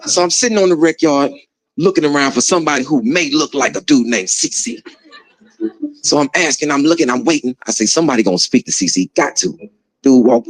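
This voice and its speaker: A man casually telling a story about his time in prison, slangy and animated, acting out the other people's voices and laughing along. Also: medium pitch, moderate pace, low-quality recording.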